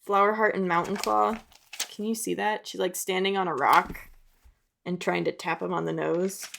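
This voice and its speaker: A woman's voice: on the low side, steady tone, normal speed, creaky, fairly bright tone, a little hiss or hum. A young adult woman, an artist and video creator, talking in a chatty, rambling way with self-mocking asides. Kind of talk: casual chat.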